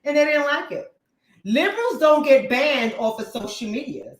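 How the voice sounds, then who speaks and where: A woman's voice: high-pitched, sing-song, moderate pace. A woman hosting a livestream, talking bluntly and profanely. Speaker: host. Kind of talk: livestream commentary. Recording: echoey room.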